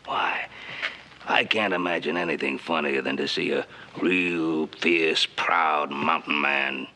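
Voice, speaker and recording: An actor playing a steady, wise rancher patriarch in a 1960s TV western, talking calmly, firmly and persuasively. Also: male voice, extremely low pitch, normal speed, gravelly, breathy edge, full character voice. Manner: calm, firm and persuasive.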